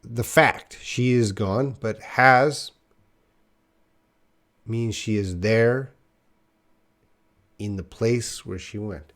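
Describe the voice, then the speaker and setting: A man's voice: lowish voice, extremely slow, pauses often, a bit bright. A man teaching a live online English lesson, patiently explaining grammar and answering viewer questions.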